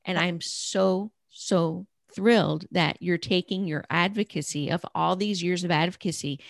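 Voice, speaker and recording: Woman, podcast host, affirming questions, lower pitch, dry close mic. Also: dry recording. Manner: encouraging, affirming. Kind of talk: conversational interview.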